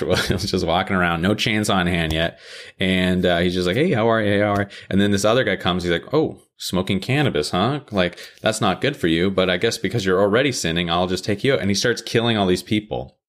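A man hosting a podcast, hyped up and ranting profanely in a casual show recap, often jumping into high-pitched mocking quotes. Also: a little fast. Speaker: podcast host.

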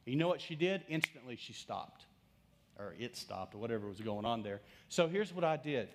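A man's voice: mid-range voice, animated, moderate pace, noisy background. A middle-aged male pastor preaching a sermon, telling a story and putting questions to his congregation.

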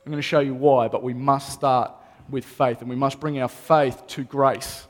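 A man's voice: medium pitch, fairly even intonation, normal speed. Man preaching in a reverberant hall. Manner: earnest, repeats phrases for emphasis. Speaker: pastor. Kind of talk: sermon.

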